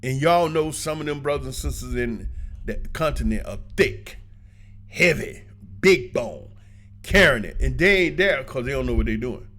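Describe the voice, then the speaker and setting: A man casually telling stories and giving advice to his viewers, colloquial and animated, laughing often as he talks. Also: medium pitch, moderate pace. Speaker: vlogger giving travel advice. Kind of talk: casual storytelling monologue.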